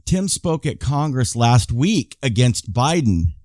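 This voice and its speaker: A man's voice: medium pitch, big pitch swings, slow, darkish tone, no room sound, clean studio sound. A man in his fifties giving casual YouTube commentary, reading viewer emails aloud and rambling with frequent restarts and asides to his viewers. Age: 50s.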